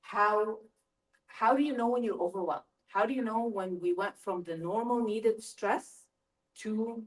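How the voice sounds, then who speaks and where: A middle-aged woman giving a lively parent workshop talk, asking her audience questions as she goes. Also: mid-range voice, unhurried. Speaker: school family-engagement presenter. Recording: voice from a distance from the mic.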